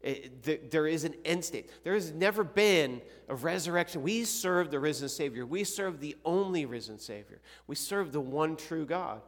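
A slightly higher-voiced man keeps a moderate pace with few pauses as he leads a youth Sunday school class in casual Bible teaching. Relaxed and conversational, he clears his throat often and puts questions to the students, his voice ringing with the long reverb of a church hall.

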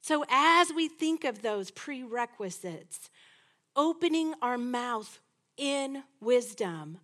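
A middle-aged woman teaching a women's Bible study lesson in a lively, conversational way, acting out little quoted exchanges as she goes. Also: on the high side, slow pace.

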